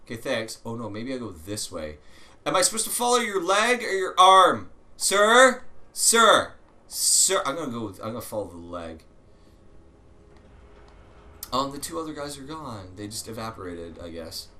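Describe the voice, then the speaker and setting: Talking briskly at a medium pitch, this let's play host keeps up casual commentary while he plays. Every so often he erupts with excitement or curses.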